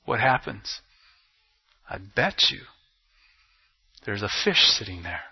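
A pastor preaching a sermon, asking rhetorical questions and swinging between loud and hushed delivery. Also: male voice, fairly low pitch, very animated, takes it slowly, vocal fry, breathy edge. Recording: dull lo-fi recording.

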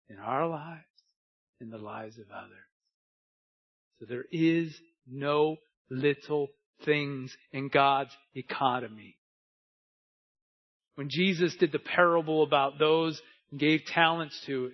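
A man preaching a sermon with an emphatic, repetitive cadence that builds to shouting. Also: mid-range voice. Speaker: pastor. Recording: dull lo-fi sound.

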